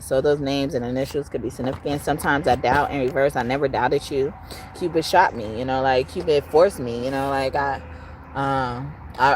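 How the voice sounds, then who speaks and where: Woman tarot reader, low voice, blunt and profane, faint background hum. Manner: blunt and profane, chatty with frequent laughs. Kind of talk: casual live tarot reading.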